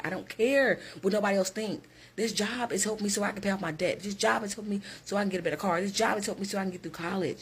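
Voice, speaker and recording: A woman's voice: fairly low pitch, husky. A woman who works as a hiring manager, talking straight to her viewers in a direct, emphatic motivational vlog.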